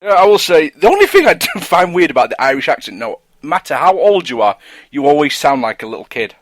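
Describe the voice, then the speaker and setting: A man's voice: on the high side, a little fast, dry recording. A man, co-hosting a podcast and teasing his friends. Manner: lively, teasing. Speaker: podcast co-host. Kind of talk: casual chat.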